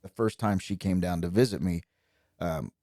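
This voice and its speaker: A young man from Indiana, a country singer, telling stories as a guest in relaxed, chatty conversation. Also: deep voice, moderate pace, no room sound, studio quality. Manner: relaxed, chatty, lively when quoting people. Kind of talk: casual storytelling.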